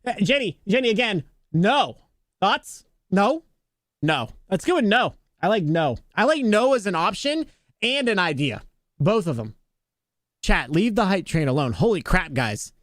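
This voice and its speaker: A man streaming a game live, talking to his chat in an excitable, flustered, joking way. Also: high-pitched, a little slow, no room sound, studio quality.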